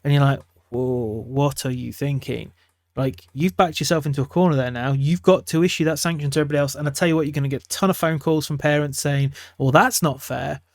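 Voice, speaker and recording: Middle-aged male teacher, rapid casual delivery, a little high for a man, acts out quotes. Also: no echo, clean studio sound. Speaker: teacher giving classroom advice. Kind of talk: casual teaching talk to camera.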